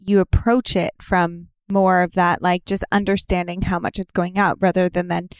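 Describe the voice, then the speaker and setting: A woman co-hosts a podcast with a smooth, resonant voice, recorded close and dry. She talks in an affirming, conversational way as she asks her questions. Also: lowish voice, little pitch movement, moderate pace, no echo. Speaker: podcast co-host. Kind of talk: podcast interview.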